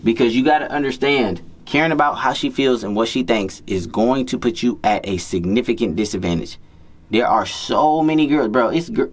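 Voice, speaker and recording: A man telling a story to his viewers in loose street slang, swearing freely and circling back over the same phrases. He talks as a dating coach in a casual monologue. His voice sits at an ordinary middle pitch for a man. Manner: slangy, profane, repetitive street talk.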